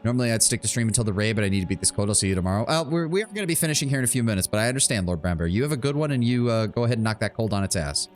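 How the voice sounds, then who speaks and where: A man's voice: on the low side, animated, rapid-fire, hardly any pauses, soft background music. A man streaming a video game, mixing sardonic, profane commentary with reading its text aloud. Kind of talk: casual gameplay commentary and reading.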